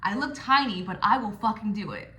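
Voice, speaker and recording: A woman's voice: medium pitch, fairly quick, pushed and bright, a little hiss or hum. A young woman giving casual, blunt and playful advice to other dancers, swearing freely. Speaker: stripper coaching other dancers. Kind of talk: casual direct-to-camera advice. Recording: echoey room.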